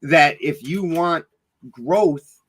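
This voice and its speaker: A man's voice: a little high, drawn-out words, fairly bright tone, slightly rough, low-quality recording. A middle-aged man telling a personal story in a casual interview, blunt and rambling, swearing freely, with many fillers and restarts. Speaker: podcast guest.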